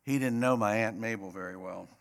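A man's voice: fairly low pitch, a little fast, creaky. A man preaching a sermon as pastor, emphatic and repetitive, rising to passionate peaks.

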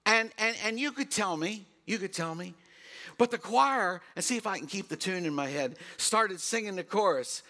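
High, bright-voiced older preacher. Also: male voice, lively intonation, normal speed. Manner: storytelling, sings snatches of hymns, builds to loud bursts. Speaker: pastor. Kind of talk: sermon.

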